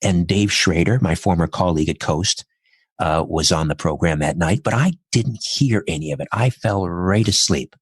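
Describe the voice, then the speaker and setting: A man's voice: low-pitched, normal speed, breathy edge, no echo, clean studio sound. A middle-aged man, a podcast guest, telling a personal story in an earnest, reflective way, step by step.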